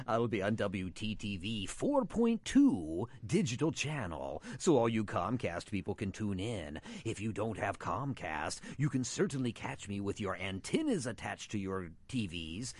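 A man's voice: fairly low pitch, a little mellow. A man playing a macabre horror show host, dramatic and spooky in delivery. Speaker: guest.

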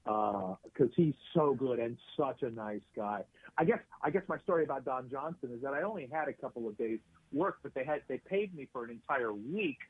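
A man's voice: medium pitch, lively intonation, brisk, slightly rough, dry recording. A man, an actor and writer, telling rambling anecdotes in a casual interview, full of fillers and restarts. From United States. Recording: tinny phone-like line.

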